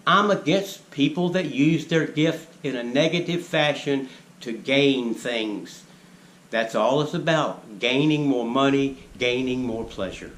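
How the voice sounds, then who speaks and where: A man giving a preachy monologue, lecturing the viewers and firing rhetorical questions at them. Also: medium pitch. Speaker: vlogger. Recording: echoey room with faint ambient noise.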